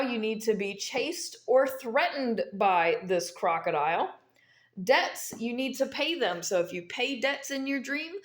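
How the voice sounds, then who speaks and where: Emphatic woman explaining in an echoey room. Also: fairly high pitch. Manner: emphatic, repeats key points. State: talking around a mint in her mouth. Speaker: vlogger explaining dream omens. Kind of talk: casual instructional monologue.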